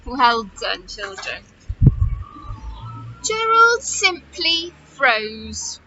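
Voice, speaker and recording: A woman teacher reading a picture book aloud to children, expressive and asking them questions as she goes. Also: very high voice, drawn-out words, highs cut off, background noise. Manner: expressive, warm-toned questioning of young listeners.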